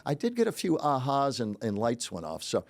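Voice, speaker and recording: A man's voice: medium pitch, huge pitch swings, fairly quick, dry recording. An older man hosting a casual podcast chat, reflective and chuckling, with many restarts. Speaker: podcast host, journalism teacher.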